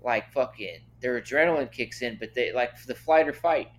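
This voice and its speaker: A young man, a podcast guest, chatting casually and animatedly, cursing a lot and getting loud when worked up. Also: medium pitch, moderate pace. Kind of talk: casual chat.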